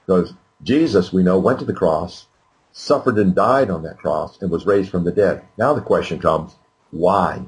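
A man's voice: low voice, moderate pace, poor audio. An older man, a guest speaker, answering interview questions in an earnest, emphatic way. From United States.

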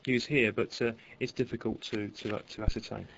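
A man who is a podcast guest, talking in a halting way with frequent restarts. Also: lowish voice, fairly even intonation, vocal fry, a bit bright, lo-fi sound. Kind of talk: casual podcast chat.

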